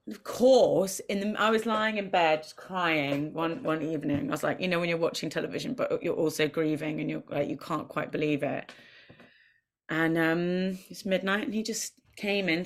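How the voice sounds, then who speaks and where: Animated woman telling pet stories. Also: on the low side, moderate pace. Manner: animated storyteller who acts out voices and quotes. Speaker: podcast guest, TV presenter. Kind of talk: chatty anecdote-telling.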